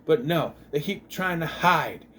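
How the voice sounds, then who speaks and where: A man's voice: a little high, animated, measured pace, slight background noise. Exasperated man ranting about a movie. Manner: exasperated, swears freely, yells mock lines from the film. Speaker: movie reviewer. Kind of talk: casual movie review rant.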